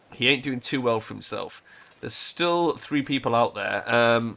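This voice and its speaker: A man's voice: medium pitch, vocal fry, a bit bright, slight background noise. Casual man thinking aloud over gameplay. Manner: casual, thinks aloud, swears now and then. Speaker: let's play host. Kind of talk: gameplay commentary.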